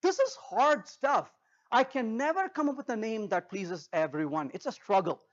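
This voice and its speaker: Lively, high-voiced man telling stories on stage. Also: normal speed, highs cut off. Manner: animated storyteller acting out dialogues. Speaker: conference speaker. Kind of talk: humorous technical talk. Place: conference stage.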